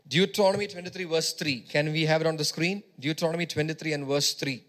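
High-voiced emphatic male preacher. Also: steady tone, fast, a bit bright. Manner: emphatic, repeats phrases and urges the congregation. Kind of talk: sermon.

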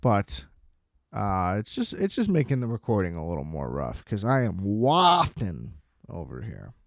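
A man's voice: lowish voice, huge pitch swings, measured pace, vocal fry, no room sound, clean studio sound. A young adult man telling a rambling, sardonic storytime monologue from a small room at home, full of self-deprecating asides. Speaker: solo storyteller. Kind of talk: casual comedic storytime monologue.

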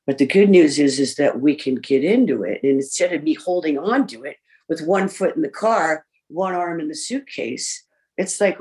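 A woman giving a candid personal share in a recovery group, reflective and pausing often with fillers. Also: sits low, lively intonation, a little mellow. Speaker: speaker sharing in a recovery group. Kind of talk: personal recovery share, reading list points.

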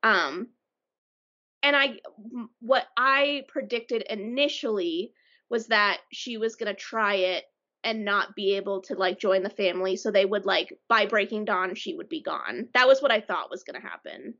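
A woman chats about a book with a friend, talking hesitantly and with a wry sense of humor. Her pitch sits in the middle. The recording is dull and lo-fi. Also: animated, moderate pace, bright, forceful tone. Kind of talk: casual book discussion chat.

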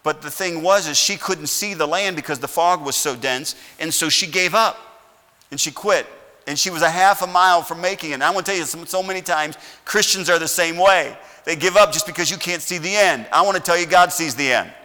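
A man's voice: fairly high pitch, a little fast, pushed and bright, big-room sound. A middle-aged man preaching a sermon as pastor, folksy, often checking in with "all righty?". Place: church sanctuary.

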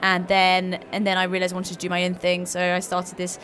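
A woman founder answering interview questions, friendly and a bit halting, at a trade show. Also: fairly low pitch, completely flat delivery, a bit bright. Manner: friendly, halting with fillers, laughs easily. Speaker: guest, small food business founder.

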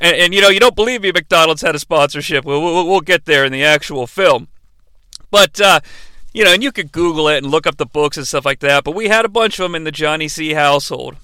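A man in his forties hosting a comedic bad-movie review show, sarcastic, profane and excitable. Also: sits high, smooth, no room sound.

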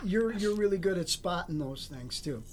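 A man's voice: high voice, expressive, normal speed. A male guest chatting casually and supportively with the host. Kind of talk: casual chat.

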